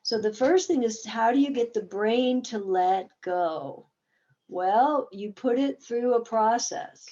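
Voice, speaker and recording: Mellow-voiced woman teaching a webinar. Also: on the high side, expressive, takes it slowly, dull audio. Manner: explains with examples, briefly acting out game dialogue. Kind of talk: conversational teaching talk.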